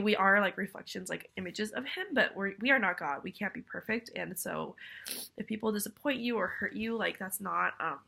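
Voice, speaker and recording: With a mid-range, gravelly voice that's sharp with a breathy edge, a young adult vlogger congested from a cold rambles through a casual video message. She keeps putting herself down, apologizing, and filling gaps with filler words.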